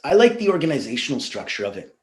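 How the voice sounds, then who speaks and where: A man's voice: mid-range voice, very animated, fast, darkish tone. A man, a guest telling stories in a casual interview and laughing often. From Russia, raised in Canada. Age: 40s. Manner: chatty storyteller, laughs often. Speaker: podcast guest. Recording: roomy echo.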